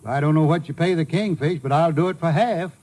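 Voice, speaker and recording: Man, folksy, easygoing, scripted 1940s radio comedy, slightly high voice. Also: brisk, darkish tone.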